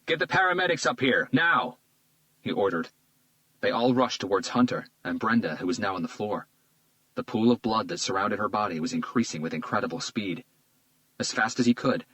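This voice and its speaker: Male audiobook narrator, measured read, low voice, dry close mic. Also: dry recording, rough recording. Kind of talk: scripted narration.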